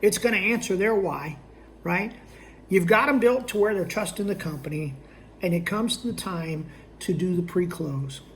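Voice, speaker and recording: Sales trainer, male, gravelly, conversational, faint background hiss. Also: sits high, normal speed. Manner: conversational, checks in with "okay?" and "all right?"; acts out both sides of sales dialogue. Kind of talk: instructional talk.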